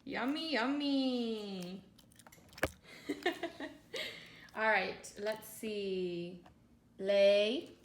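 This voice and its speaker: A woman's voice: mid-range voice, extremely slow, pauses often. A woman vlogging as she trains her dog at home, talking playfully and cooing at him. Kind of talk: casual vlog, training a dog on camera. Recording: roomy echo with faint background hum.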